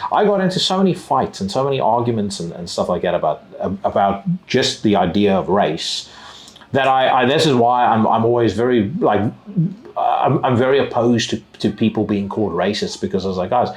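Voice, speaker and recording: A man's voice: on the low side, expressive, brisk. A man from Africa, hosting a podcast in blunt, casual talk. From South Africa. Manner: blunt, conversational, swears freely. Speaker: podcast host. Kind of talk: casual conversation. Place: in person at a music festival.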